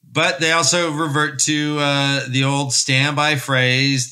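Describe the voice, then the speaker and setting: A man hosting a podcast, recapping a story in an animated, rambling, jokey way. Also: mid-range voice, slow. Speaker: podcast host.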